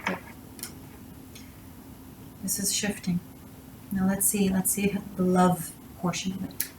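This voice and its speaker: A woman's voice: medium pitch, little pitch movement, slow, pauses often, a little mellow, reverberant, slight background noise, rough recording. A woman giving a tarot reading and handing out blunt, emphatic advice. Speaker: tarot reader.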